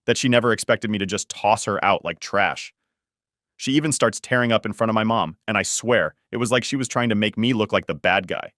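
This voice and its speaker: Man, low voice, dry close sound, casual exasperated storytelling narration. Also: fairly bright tone, no echo. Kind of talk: first-person story narration.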